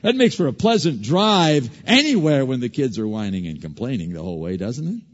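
A man preaching a sermon, animated, swinging from loud emphasis to hushed asides and often repeating words as he restarts. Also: mid-range voice, fairly quick, big-room sound, lo-fi sound.

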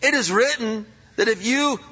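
A cunning, needling devil with a high, sharp edge, done by a preaching man. He coaxes with leading questions, and the sound is dull and washed in long reverb from a big hall. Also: normal speed, breathy edge, exaggerated voice. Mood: sly. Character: the devil, sly male tempter, wheedling and mocking.

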